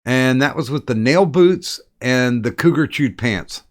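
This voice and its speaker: A man's voice: medium pitch, a little slow. Rambling male stream host. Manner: rambling, repeats words when starting sentences. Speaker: livestream host. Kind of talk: casual stream chat.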